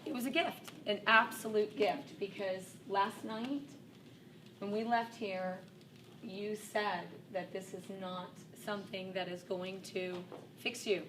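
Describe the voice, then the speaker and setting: A woman's voice: medium pitch, fairly even intonation, slow, a bit bright, a little hiss or hum. A woman giving a casual personal testimonial to a workshop group, a chatty storyteller who often laughs at herself. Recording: distant mic with room ambience.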